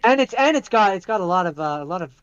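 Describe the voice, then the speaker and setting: A man co-hosting a podcast in casual chat, talking in a measured, hesitant way with lots of fillers and sounding like he's losing his voice. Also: high voice, lively intonation, a bit bright, smooth, highs cut off. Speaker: podcast co-host.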